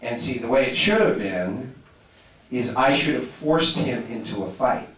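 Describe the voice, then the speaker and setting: A man, an actor, telling animated stories and answering audience questions on a panel, repeating words and laughing often. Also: mid-range voice, unhurried. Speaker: actor as convention panel guest. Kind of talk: anecdotes and audience Q&A. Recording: echoey hall from far off.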